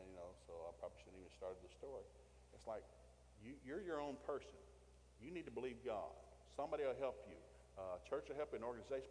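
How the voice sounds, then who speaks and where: Animated preacher in a big hall. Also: male voice, medium pitch, slight background noise. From American South. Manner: storytelling preacher, swings from hushed to loud and animated. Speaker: pastor. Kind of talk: sermon.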